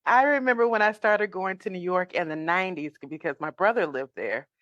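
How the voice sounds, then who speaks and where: A woman's voice: fairly low pitch, a little fast, a bit bright, dry recording, lo-fi sound. A woman from St. Louis hosting a podcast, asking questions in a casual interview. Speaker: podcast host.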